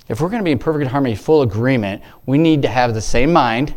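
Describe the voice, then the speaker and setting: Here a layman talks to his church group in an informal devotional, his mid-range, slightly mellow voice moving fast with barely a pause. The talk rambles, his sentences break off unfinished, and he keeps calling out praise.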